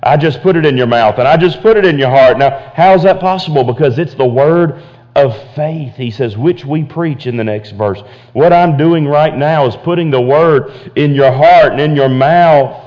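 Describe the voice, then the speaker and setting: A man's voice: a little high, moderate pace, lo-fi sound. A man preaching a sermon as pastor, repeating phrases and stumbling into restarts as he builds to emphatic points. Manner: preaching with repetitions and stammered restarts, rising to emphatic. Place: church.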